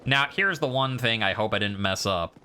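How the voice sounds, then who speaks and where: A man's voice: on the low side, lively intonation, normal speed, pushed and bright, clear, resonant tone. A man streaming a video game, giving casual, rambling commentary and poking fun at himself. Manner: rambling, self-deprecating.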